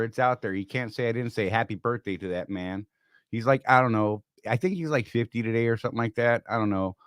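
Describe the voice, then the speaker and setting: A podcast host in his fifties runs a casual live-stream chat, joking, rambling, and poking fun at himself. His voice sits a little high, and the recording is dry and studio quality.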